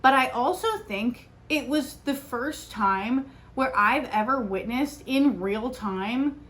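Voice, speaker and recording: Young woman podcaster rambling casually, a bit high pitched, lots of likes. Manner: chatty storytelling, lots of "like", animated retelling. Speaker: podcast host. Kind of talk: casual solo podcast chat.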